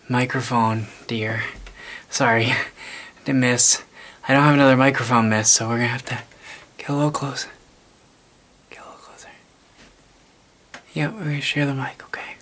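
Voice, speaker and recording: Man, comic sketch, mock school reporter, halting, awkward, apologetic, middle pitch. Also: fairly bright tone.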